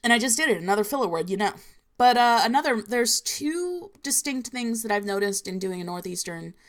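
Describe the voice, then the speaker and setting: A woman's voice: on the high side, expressive, brisk. New Jersey woman, solo podcast host, rambling casual chat. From New Jersey, USA. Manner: rambling, filler-heavy, chatty.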